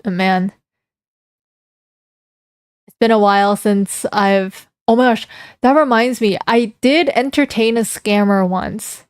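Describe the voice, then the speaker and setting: A woman's voice: medium pitch, takes it slowly, long pauses, clean tone, no room sound, studio quality. A young woman streamer chatting casually with her live chat, giggling and reading comments aloud before reacting to them.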